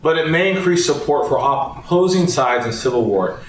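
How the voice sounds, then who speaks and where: A man's voice: fairly high pitch, expressive, moderate pace, a little hiss or hum. A man giving an academic lecture with a wry, emphatic manner. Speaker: guest lecturer. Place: large lecture hall. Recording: echoey hall, mic far off.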